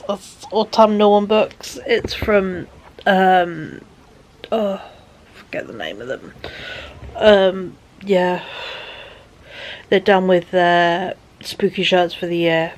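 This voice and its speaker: Slow, gravelly woman vlogging. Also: lowish voice, slight background noise. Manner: rambling, soft, often drops to a whisper. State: tired. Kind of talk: casual chat to camera.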